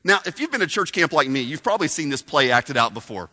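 A man's voice: fairly high pitch, sing-song, fast, pushed and bright. A man preaching a sermon, storytelling with asides to the congregation, in a reverberant hall.

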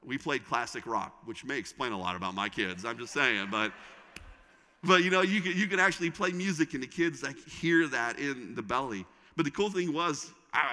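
A middle-aged man preaching a sermon as a pastor, with dramatic pauses and sudden drops to a soft, intimate tone. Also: medium pitch. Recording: reverberant hall.

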